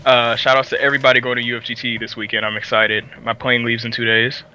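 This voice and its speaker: Bright-voiced guest man, lo-fi call audio. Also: mid-range voice, little pitch movement, fast talker, smooth. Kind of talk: casual podcast chat.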